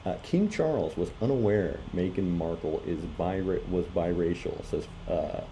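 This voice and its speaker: Very deep, dark-voiced co-host. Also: moderate pace, a little hiss or hum, rough recording. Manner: hesitant, many fillers. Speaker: podcast co-host reading news. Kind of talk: casual chat, reading headlines.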